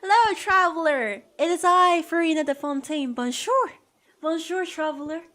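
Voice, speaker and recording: A woman voicing a pompous, theatrical young noblewoman judge with mock-French grandeur, issuing drawn-out decrees. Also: mid-range voice, steady tone, faint music behind, close to an everyday voice. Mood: grandly imperious.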